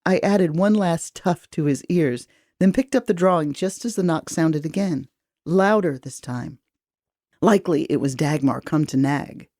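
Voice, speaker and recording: A woman reading first-person audiobook narration in a measured, even way. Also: sits low, no echo, studio quality.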